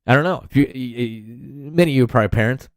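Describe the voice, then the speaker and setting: A man's voice: mid-range voice, quick pace, no room sound. Profane, ranting man on a dry mic. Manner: profane, rambling, heated ranting. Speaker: podcast host. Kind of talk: solo rant podcast.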